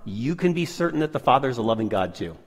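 A man's voice: mid-range voice, big pitch swings, quick pace, big-room sound. A man co-presenting a sermon, reading scripture aloud and affirming the main speaker. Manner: affirming, keeps saying "that's right". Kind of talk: sermon dialogue.

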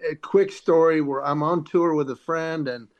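A man's voice: a little high, fairly even intonation, moderate pace, dull audio. A man, a comedian and speaker, telling upbeat stories in an interview and acting out the dialogue in them. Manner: upbeat storyteller, acts out quoted dialogue. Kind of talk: casual interview chat.

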